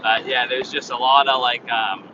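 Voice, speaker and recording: A man talks on and on in a flat, level tone, full of fillers, as he drives. He sounds distant and muffled. Loud road noise runs underneath. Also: mid-range voice, moderate pace. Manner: rambling, filler-heavy, flat tone. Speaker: vlogger driving a van. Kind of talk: casual chat while driving. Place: inside a moving vehicle on a highway.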